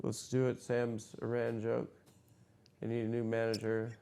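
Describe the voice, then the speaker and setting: Excitable, rambling podcast host. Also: male voice, mid-range voice, a little slow, gravelly, clean tone. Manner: excitable, profane, rambling riffs. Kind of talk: casual comedic podcast chat.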